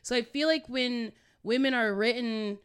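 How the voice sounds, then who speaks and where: A woman with a bright, forceful, fairly high voice co-hosts a casual podcast. She makes her points with conviction, though she often restarts mid-sentence. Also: moderate pace, smooth. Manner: opinionated, hesitant restarts. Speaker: podcast co-host. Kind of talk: casual chat.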